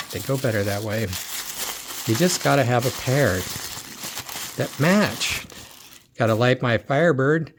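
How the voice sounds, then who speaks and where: Chatty man thinking aloud over collectibles. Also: mid-range voice. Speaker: toy car collector and dealer. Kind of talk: casual unboxing commentary.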